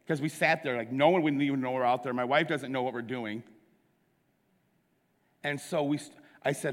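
A middle-aged man preaching a sermon, telling a story with lively acted-out dialogue. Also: mid-range voice, moderate pace. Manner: animated storyteller, acts out the dialogue. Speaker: pastor. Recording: long hall reverb.

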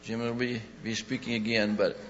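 A pastor giving announcements and a closing prayer, halting with frequent pauses and restarts. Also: male voice, medium pitch, flat delivery, fairly bright tone. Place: church sanctuary. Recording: dull lo-fi recording in a reverberant church.

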